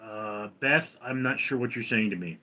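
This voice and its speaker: An American man hosting a livestream in a casual chat, reading viewer comments aloud and answering them in a rambling, halting way. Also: lowish voice, bright, forceful tone. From United States. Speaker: livestream host.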